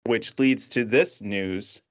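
A man's voice: fairly low pitch, slow, a bit bright, lo-fi sound. Dry, matter-of-fact male co-host. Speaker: podcast co-host. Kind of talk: casual sports chat.

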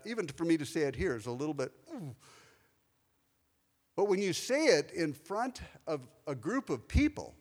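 Male pastor, higher voice, confessional storytelling sermon, long church reverb. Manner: personal, confessional storytelling with asides to listeners. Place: church sanctuary.

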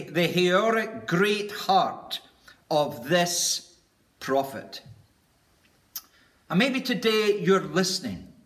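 A man preaching a sermon in an earnest, deliberate way, lingering on each word of a list. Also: high-pitched, bright, forceful tone.

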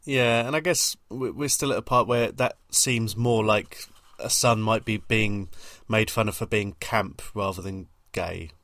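Man co-host, lowish voice, dry recap, close dry sound. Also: a little slow, a bit bright, no room sound. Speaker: podcast co-host. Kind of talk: casual film recap.

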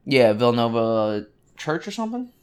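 A man's voice: medium pitch, big pitch swings, normal speed, darkish tone, clean tone. A man in his thirties, co-hosting a podcast in casual chat, rambling with many ums and restarts. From United States. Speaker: podcast co-host.

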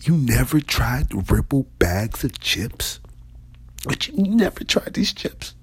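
A man's voice: medium pitch, sing-song, slow pace, husky, pitched above the performer's own voice, heavily acted. A man voicing an indignant grown man who repeats his complaint in a rising whine. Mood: excited. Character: indignant grown man fuming over lost chips.

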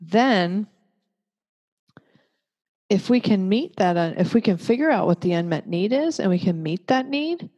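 A woman giving a calm, measured talk that teaches parents. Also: fairly low pitch. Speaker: parenting educator. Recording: long reverb.

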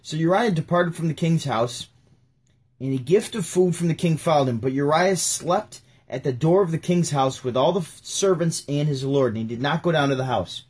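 Husky young man reading casually. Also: on the high side, lively intonation, normal speed. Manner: chatty, laid-back asides, often trailing off quietly. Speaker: video host. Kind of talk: casual scripture reading with commentary.

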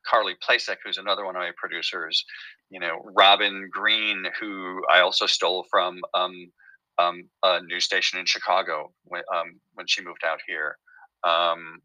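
A man's voice: deep voice, flat delivery, normal speed, bright, forceful tone, dry recording, poor audio. A man who creates and writes a TV show, telling his story in a casual interview with many fillers and restarts.

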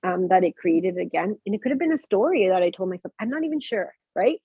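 A woman's voice: mid-range voice, animated, fast, breathy edge, no echo. A woman casually telling personal stories about her spiritual practices, rambling with many restarts and fillers. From Mexican heritage, living in Canada. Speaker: guest sharing personal spiritual experiences. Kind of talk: casual conversational storytelling. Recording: dry, tinny phone-like sound.

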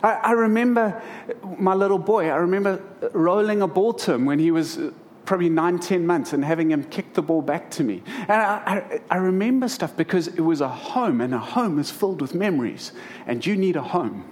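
A man's voice: a little high, expressive, fairly quick, few pauses, darkish tone. A middle-aged man preaching to a congregation, telling humorous stories about family life. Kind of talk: sermon.

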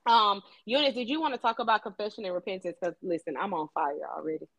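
A woman's voice: medium pitch, fast talker, a bit bright, dry recording, rough recording. A woman co-hosting a faith talk show, speaking fervently and acting out quoted prayers and speech. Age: adult mother. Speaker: co-host.

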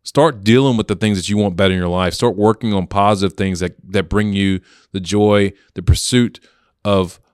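Guy with a lowish voice, laid back, telling a story on a podcast, dry close sound. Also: moderate pace, clear, resonant tone, no echo. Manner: relaxed, anecdotal, acts out quotes. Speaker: podcast co-host. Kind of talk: casual storytelling.

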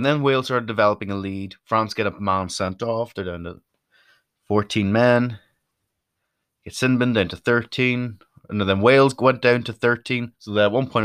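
A man's voice: on the low side, fairly bright tone, clear, resonant tone, dry recording, studio quality. A chatty, self-deprecating Irish man rambling through his opinions in a casual monologue. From Ireland.

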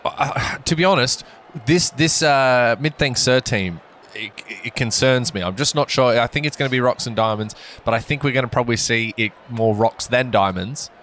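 This man calls cricket in a loose, joking way, full of ums and sudden excitement. His pitch sits in the middle for a man. A faint hum of background noise runs underneath. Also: normal speed. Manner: jokey, excitable, full of fillers. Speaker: comic cricket commentator. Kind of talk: playful sports commentary banter.

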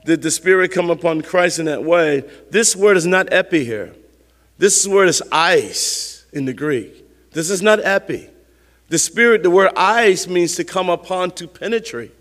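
A man's voice: high voice, unhurried, a bit bright, in a large hall. A man preaching a sermon as pastor, talking it through conversationally with rhetorical questions and repeated phrases.

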